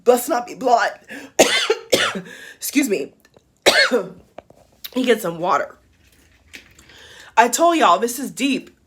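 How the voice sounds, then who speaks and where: A woman vlogger speaking with fierce conviction, her voice sitting slightly high. She hammers her points home by repeating them and cursing bluntly, in a fired-up commentary style. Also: huge pitch swings, slow, pauses often, slight background noise. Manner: fiery, emphatic, repeats phrases for emphasis, swears. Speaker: YouTube commentator. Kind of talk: impassioned vlog commentary.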